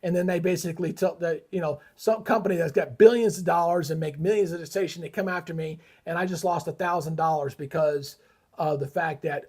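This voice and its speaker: A man's voice: a little high, fairly even intonation, a little fast, a little mellow, husky. A middle-aged man hosting a live weather stream, heated and ranting, swearing often in casual commentary. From Georgia, USA. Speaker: weather livestream host.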